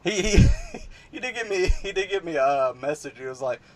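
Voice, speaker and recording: A man co-hosting, reacting live in an excitable, laughing, halting way. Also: on the high side. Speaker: co-host.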